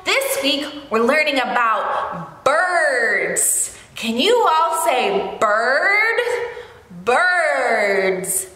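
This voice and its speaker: Young woman educator, toddler story time, high lilting sing-song voice, slow and bright, echoey room with long reverb. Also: big pitch swings, faint music behind. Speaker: environmental educator. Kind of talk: children's story time lesson.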